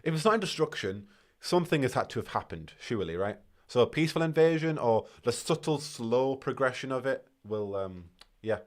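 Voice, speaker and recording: A man from the north of England with a Northern English accent, hosting a live reaction stream in excitable, speculative casual chat. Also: medium pitch. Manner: excitable, speculative, quick to laugh.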